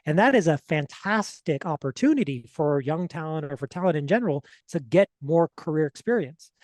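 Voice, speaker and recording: A male podcast host with a notably high voice, recorded close and dry with no room sound. He affirms his guest warmly in loose, filler-laden talk, ending points with "right?". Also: expressive, a little fast, dry recording. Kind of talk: interview talk.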